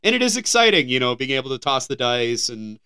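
A man's voice: mid-range voice, very animated, fast, sharp tone, clear, resonant tone. An American man co-hosting a podcast, reading out headlines in a casual, joking way and sometimes stumbling over words. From United States. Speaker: podcast co-host.

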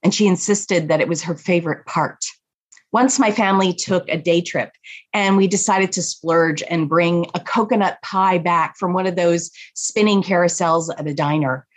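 A woman with a somewhat low, husky voice tells a family story. Her telling is unhurried and reflective. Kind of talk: personal story told to an audience.

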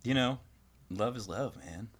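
A man's voice: medium pitch, measured pace, breathy edge. A young man co-hosting a podcast, swearing constantly and rambling through crude banter. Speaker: podcast co-host.

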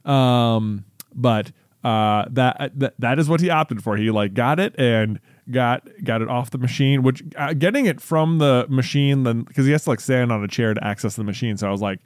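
A man in his thirties tells a story in relaxed conversation, full of fillers, restarts and "like". His voice sits at an ordinary middle pitch. The sound is dry and close to the mic. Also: moderate pace, no echo. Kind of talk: casual chat.

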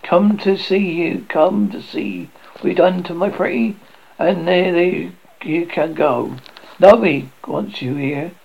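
A man's voice: high voice, animated, a little slow, gravelly, muffled recording, full character voice. A man voicing a bitter, grieving old woman servant who talks in rustic country speech and hurls accusations.

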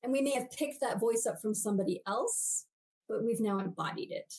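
A woman's voice: a little high, fairly quick, darkish tone, rough recording. A woman guest on a podcast interview, explaining ideas animatedly and acting out everyday voices as she goes.

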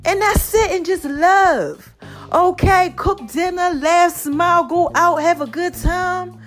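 High-voiced woman podcaster. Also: slow pace, faint music behind. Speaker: podcast host. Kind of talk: casual motivational monologue.

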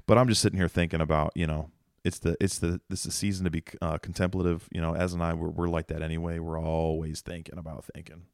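A man's voice: sits low, level tone, fast, vocal fry, dry recording, clean studio sound. A man hosting a podcast, talking in a casual, meandering monologue with self-mocking jokes. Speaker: podcast host.

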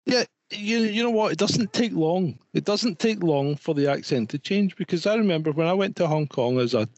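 A middle-aged man talking on a podcast. His voice sits a touch higher than most men's. He chats casually but gets worked up, repeating phrases and swearing. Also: expressive, normal speed, darkish tone, dry recording, highs cut off. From Scotland. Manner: indignant, repeats himself, swears. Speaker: podcast co-host. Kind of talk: casual chat.

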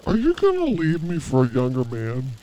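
A man's voice: medium pitch, wildly swooping pitch, moderate pace, warm tone. Crude, joking man in his fifties. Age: 50s. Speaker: podcast co-host. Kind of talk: casual comedic podcast banter.

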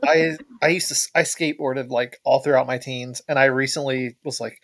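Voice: medium pitch, little pitch movement, brisk, few pauses, fairly bright tone, no echo, clean studio sound. A podcast host chatting casually about an old injury, with lots of filler words. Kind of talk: casual chat.

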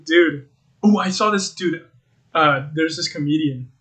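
Bright-voiced young man, blunt banter. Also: a little high, a little slow. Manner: blunt, profane, lively storytelling. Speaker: podcast co-host. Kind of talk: casual podcast banter.

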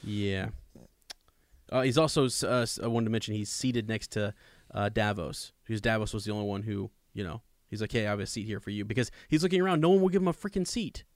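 A podcast co-host discusses a book in casual conversation, reading passages aloud and rambling with many restarts and emphatic asides. His lowish voice is lively in intonation and a little fast, recorded dry.

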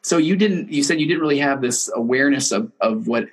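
A man's voice: mid-range voice, brisk, slightly rough. A man hosting a podcast interview, talking enthusiastically with many hesitations and restarts. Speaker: podcast host. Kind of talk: conversational interview.

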